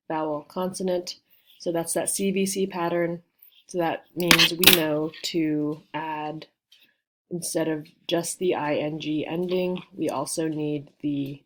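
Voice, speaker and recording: Chatty low-voiced woman teaching grammar. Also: a bit bright, a little hiss or hum. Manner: chatty and informal, with many fillers and asides. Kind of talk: casual online grammar lesson. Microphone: home webcam setup.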